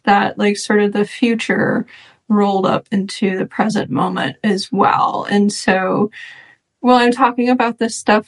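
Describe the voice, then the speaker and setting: A woman guest in an interview, speaking earnestly and reflectively, with lively bursts when she mimics others. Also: medium pitch. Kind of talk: conversational interview.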